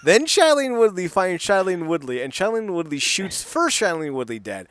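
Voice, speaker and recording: A man's voice: high voice, sing-song, normal speed, fairly bright tone. A young man co-hosting a podcast in casual chat, spinning silly story beats and laughing along. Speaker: podcast co-host.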